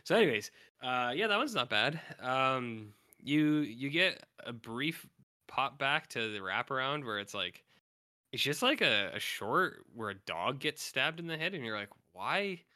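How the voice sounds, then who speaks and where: Bright-voiced man rambling about horror films. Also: medium pitch, a little slow, no echo, clean studio sound. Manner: rambling, acts out quotes in flat mumbles. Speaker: podcast co-host.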